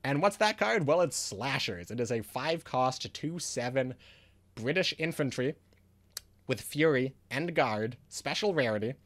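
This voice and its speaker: A man's voice: medium pitch, animated, measured pace, a bit bright. Frustrated man ranting about card design. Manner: frustrated ranting, many restarts. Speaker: card game reviewer. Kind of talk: casual video commentary.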